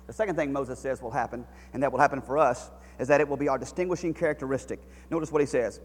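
A man preaching a sermon with passion, swinging between hushed, quiet passages and near-shouted, fervent ones. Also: medium pitch, fast, few pauses, big-room sound.

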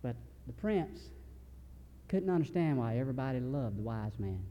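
A man's voice: mid-range voice, sing-song, moderate pace, highs cut off, a little hiss or hum. A man preaching a sermon in a large hall. He speaks earnestly in a folksy way and often restarts his sentences. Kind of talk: sermon storytelling.

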